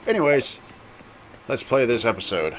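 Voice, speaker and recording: A man talking through his gameplay in a loose, rambling way. His pitch sits in the middle and moves around a lot, with faint noise behind him. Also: sing-song, normal speed. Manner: rambling, chatty, self-correcting. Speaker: gameplay video host. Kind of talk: casual gameplay commentary.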